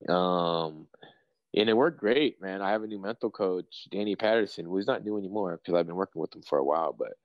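A young man, a professional fighter, chatting casually in an interview and telling rambling, excitable, profane stories. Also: low voice, a little fast, no echo, muffled recording.

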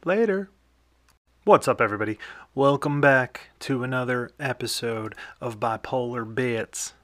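Young man, podcast host, casual movie chat, bright forceful voice, dry close sound. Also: mid-range voice, steady tone, moderate pace, no room sound. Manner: rambling, filler-heavy, chuckling.

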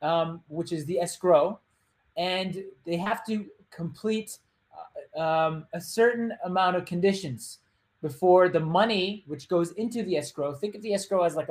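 A man hosting his own show, casually retelling a true crime story with joking asides and loose, rambling phrasing. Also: high-pitched. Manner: chatty, loose, with joking asides and quick put-on voices. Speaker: podcast host.

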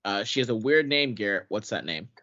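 A man's voice: fairly low pitch, lively intonation, a little fast, bright, forceful tone. A man hosting a podcast in casual chat, blunt and full of hesitant fillers. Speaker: podcast host. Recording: dull lo-fi podcast audio.

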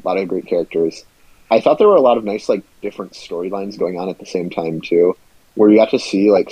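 Deep, husky young man on lo-fi audio. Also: warm tone, dry recording. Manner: laid-back, filler-heavy rambling. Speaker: podcast co-host. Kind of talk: casual chat. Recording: dry, slightly muffled lo-fi audio.

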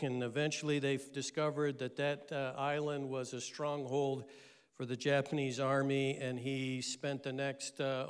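A middle-aged man, a pastor, telling a story in a sermon with lively delivery and frequent pauses. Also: mid-range voice, clear, resonant tone.

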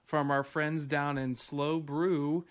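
A man's voice: on the high side, flat delivery, takes it slowly. A man co-hosting a casual podcast, enthusiastic and easygoing. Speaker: podcast co-host.

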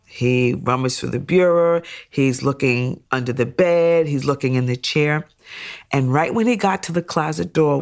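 A woman's voice: a bass voice, vocal fry. A woman giving documentary testimony, steadily retelling events in close detail and acting out remembered thoughts and dialogue. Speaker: survivor telling her story.

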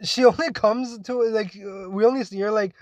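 Rambling young man with a high voice. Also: steady tone, normal speed. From Toronto. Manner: rambling storyteller, heavy swearing, frequent "like" and "right?". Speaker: podcast co-host. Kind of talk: casual chat.

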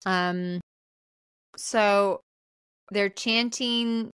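Her voice is bright and forceful, recorded close and dry. She gushes through a casual film recap as a podcast co-host, peppering it with "like" and swear words. Her tone is animated and unfiltered. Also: medium pitch, takes it slowly, no echo. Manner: animated, swearing, filler-heavy "like".

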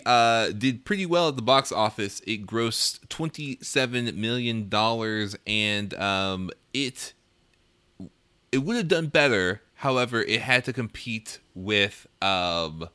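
A man's voice: medium pitch, animated, takes it slowly, pushed and bright, clear, resonant tone, no echo. A man co-hosting a casual movie-review chat, jokey and enthusiastic, laughing between remarks. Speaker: podcast co-host.

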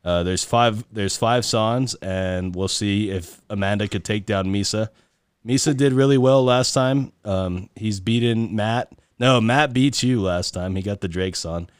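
Smooth-voiced man hosting a podcast game. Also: fairly low pitch, measured pace, dry recording, clean studio sound. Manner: laughing, joking, reads lyrics in silly voices. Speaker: podcast co-host running a lyrics game. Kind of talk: casual chat.

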